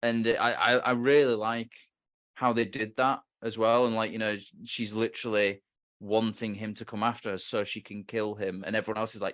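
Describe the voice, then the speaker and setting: A man's voice: fairly low pitch, level tone, normal speed, a bit bright. A man co-hosting a film podcast, talking in a loose, rambling way with many fillers. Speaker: podcast co-host. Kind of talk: casual film discussion.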